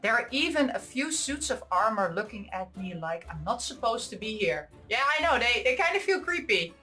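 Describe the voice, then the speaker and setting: A woman's voice: fairly high pitch, moderate pace, faint music behind. Giggly woman reading a visual novel. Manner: giggly, excitable asides. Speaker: visual novel let's player. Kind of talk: reading a game aloud with reactions.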